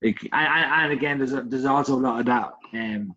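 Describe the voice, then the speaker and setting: An Irish man rants through a loose, casual podcast chat, cursing freely and doubling back on his words. His voice sits at a middling pitch. The recording is a little muffled and lo-fi. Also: fairly even intonation, brisk, few pauses, a bit bright. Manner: swearing, ranting, repeats himself. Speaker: podcast co-host.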